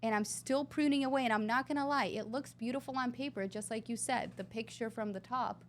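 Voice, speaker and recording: A woman's voice: a little high, fairly quick, slight background noise. A woman talking earnestly and with emphasis as a guest in a conversational interview. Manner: earnest, emphatic, sometimes drawn out. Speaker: podcast guest.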